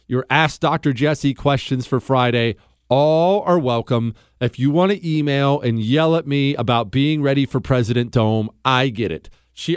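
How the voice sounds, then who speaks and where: A man's voice: mid-range voice, clean tone, dry recording, studio quality. A man hosting a talk radio show, ranting sarcastically and slipping into mocking impressions. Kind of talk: opinionated talk radio monologue. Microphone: studio microphone.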